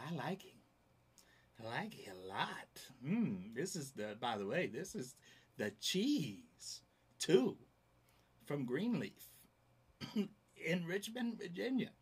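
A man's voice: a little high, big pitch swings, slow, long pauses, darkish tone, husky. A man hosting his own casual vlog, talking in a laid-back, rambling way with lots of fillers. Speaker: YouTube channel host. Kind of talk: casual camera review vlog.

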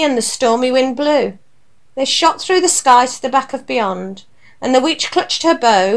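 A woman reading a rhyming children's picture book aloud on radio, with lively, expressive storytelling. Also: on the high side.

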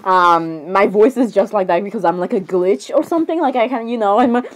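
A young woman doing a playful, giggly role-play with character voices, excitable and full of fillers and laughter. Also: medium pitch, fairly quick, hardly any pauses, poor audio.

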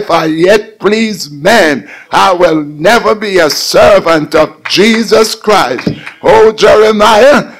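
A man preaching a radio sermon in place of his bishop, with repeated refrains that build to shouts. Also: high voice, vocal fry.

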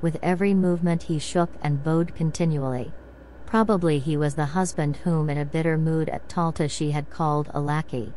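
A woman narrator reading a classic short story aloud in a slow, soothing bedtime reading style. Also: low voice, fairly even intonation, mellow, a little hiss or hum, low-quality recording.

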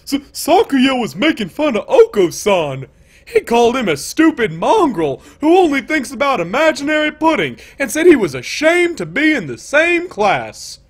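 A man voicing a panicked young male pigeon student, reading game lines in a high, shouting, frantic voice. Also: huge pitch swings, normal speed, slightly rough, exaggerated voice.

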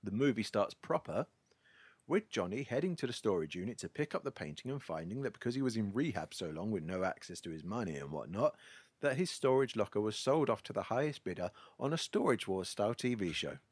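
A man's voice: fairly low pitch, very animated, brisk, breathy edge, dry recording. A man hosting a podcast, wryly recapping a film plot in a casual, storytelling way. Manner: wry, storytelling. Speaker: podcast host.

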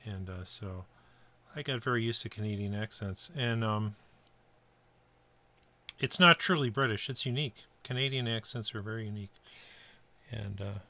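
Middle-aged american guy from buffalo, bright kinda forward voice, easygoing rambly workbench talk. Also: fairly low pitch, moderate pace, pauses often. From Buffalo, New York area, US. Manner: chatty, rambling asides with fillers. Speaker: kit-building hobbyist. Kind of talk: casual workbench narration.

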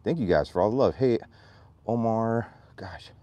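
A man livestreaming from his farm, chatting with viewers and calling to his animals in a high voice, a little out of breath. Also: animated, moderate pace, warm tone, no echo. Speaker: vlogger, farm owner. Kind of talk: casual livestream vlog. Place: outdoors on a farm.

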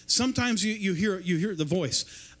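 A male preacher with a notably high voice. He speaks loosely and conversationally, stumbling over and repeating his words as he goes. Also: moderate pace, fairly bright tone. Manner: rambling, repeats and restarts words. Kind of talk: informal sermon. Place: church service.

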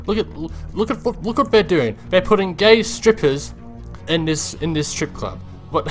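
A man with a fairly high voice speaks at a normal pace over soft background music. He's doing let's-play commentary, talking both to himself and to his viewers. He gets excitable, yelping and swearing whenever something startles him.

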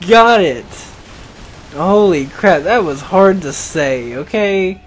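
A man's voice: high-pitched, expressive, slow pace, a little hiss or hum. A young man rambling and joking as he comments on his own gameplay, often laughing at himself. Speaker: gaming channel host.

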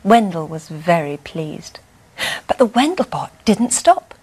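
A woman reading a bedtime story aloud in a gentle, expressive way. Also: on the low side, unhurried, slightly rough.

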